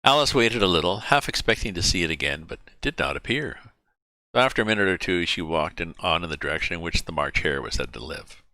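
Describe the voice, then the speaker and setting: A man reading a classic children's novel aloud as storyteller, in an animated, expressive way. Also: deep voice, fast talker, dry recording.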